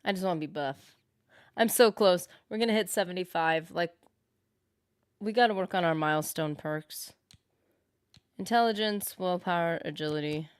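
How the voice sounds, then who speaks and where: A woman's voice: on the low side, moderate pace, long pauses, clean tone, no room sound, studio quality. A woman streaming a game live, chatting casually and thinking aloud as she answers her viewers. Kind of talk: casual live-stream chat while gaming.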